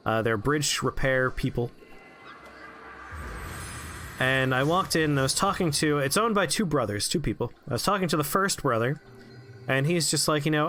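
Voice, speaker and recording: A man streaming a video game, telling a story in an animated, profane and chatty way. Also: on the high side, moderate pace, pauses often, slight background noise.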